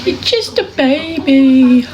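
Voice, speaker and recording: Her voice sits high with lively intonation and a slow pace, the highs cut off. She's a young woman from England streaming on her phone from her kitchen at home, baby-talking her dog while a loud crowd roars behind.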